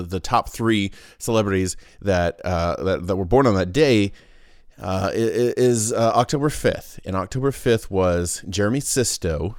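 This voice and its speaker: Low-voiced rambling podcast host, a man. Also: no echo, studio quality. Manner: rambling and goofy, with frequent restarts. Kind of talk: casual rambling monologue.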